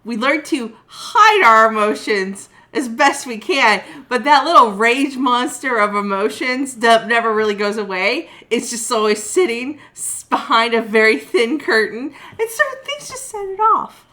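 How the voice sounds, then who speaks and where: A woman's voice: on the high side, expressive, a little slow, hardly any pauses, sharp tone. A young adult woman co-hosting a casual movie chat, sarcastic and keen to explain her theories. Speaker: co-host.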